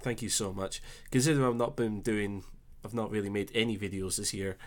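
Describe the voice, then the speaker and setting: A young man with a Scottish accent hosting a casual live stream, chatting easily and reading out viewer comments with relaxed filler pauses. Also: on the low side. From Scotland. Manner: chatty and easygoing, thinking aloud with filler pauses.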